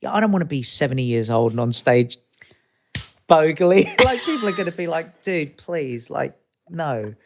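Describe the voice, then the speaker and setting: Animated Australian man in his fifties. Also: fairly high pitch, normal speed, slight background noise. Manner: animated, acts out quoted voices in anecdotes. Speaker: guest. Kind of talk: casual interview chat.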